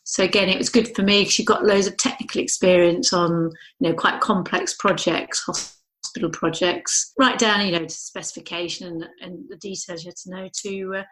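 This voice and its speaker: A middle-aged woman architect speaks in a conversational interview, thinking out loud in a thoughtful, rambling way, restarting often and saying "you know" a lot. Her voice is lowish and fairly bright, with fairly even intonation and normal speed, on a low-quality recording.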